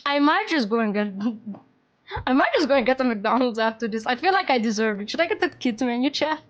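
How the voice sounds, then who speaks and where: Woman VTuber, high voice, excitable casual stream chat, squeals and mutters, home mic. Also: fairly quick, muffled recording.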